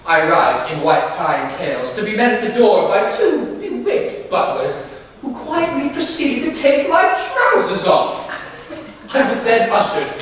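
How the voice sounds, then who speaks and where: A man's voice: sits high, fairly bright tone, slight background noise, heavily acted. A young man playing a flamboyant, vain English playwright. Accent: put-on English. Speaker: stage actor. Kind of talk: live amateur stage play. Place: theater stage. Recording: roomy hall recorded from far off.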